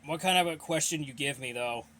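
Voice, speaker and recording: A young man with a bright, fairly high voice runs a casual Q&A and reads out viewer questions. He rambles, repeats himself and gives blunt opinions, sounding a little out of breath. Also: fairly quick, slight background noise. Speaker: host of a fan Q&A channel.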